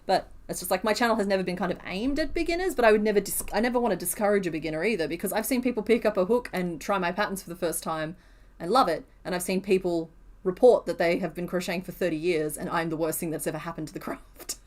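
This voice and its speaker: A woman with a fairly low voice talks quickly and casually on a live stream while crocheting. She chats with viewers, answers their questions, and pokes fun at herself.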